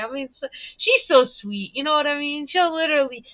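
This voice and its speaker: A chatty woman hosts her own livestream, rambling through stories with lots of swearing and easy laughter. Her voice sits a little high. The sound is thin and phone-like, with no room echo at all. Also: animated, brisk. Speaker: livestream host. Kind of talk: casual livestream chat. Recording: dry, tinny phone-like sound.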